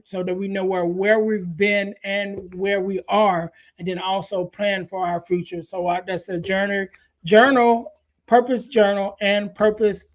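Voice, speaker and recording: A man's voice: high-pitched, low-quality recording. Chatty male podcast host. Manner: chatty, repeats "you guys", plugs products. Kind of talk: casual podcast interview.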